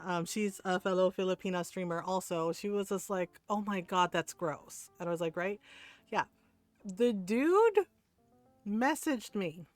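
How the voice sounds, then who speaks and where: A woman streamer telling a story in casual chat, animated, retelling others' words and checking in with her listeners. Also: mid-range voice, no echo. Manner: animated storyteller, retells others in quotes, keeps asking "right?".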